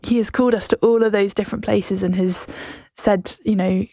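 A woman's voice: medium pitch, steady tone, a little fast, gravelly, no room sound. Woman radio host, mid voice, dry studio sound, conversational interviewer. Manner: conversational, with many restarts and soft fillers.

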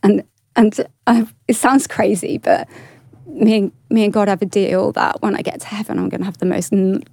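Gravelly earnest woman sharing her story. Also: mid-range voice, steady tone, mellow, dry recording, studio quality. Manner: earnest, halting, with many restarts. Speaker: guest sharing testimony. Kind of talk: emotional personal testimony.

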